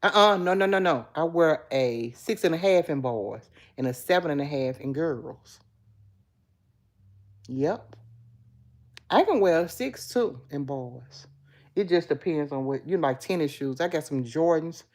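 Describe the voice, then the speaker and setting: A woman with a low-set voice hosts a relaxed morning livestream. Her pitch swings widely as she chats to her viewers. She talks in a loose, chatty way and calls them girl and baby. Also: a little slow. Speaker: livestream host. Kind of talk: casual livestream chat reading viewer comments.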